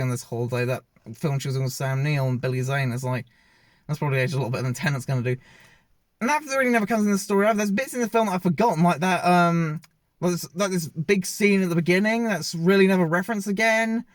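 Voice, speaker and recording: A man with a high-sitting voice films himself giving a rambling, opinionated movie review, often stopping to correct himself mid-sentence. The recording is dry, made on a self-filmed camera.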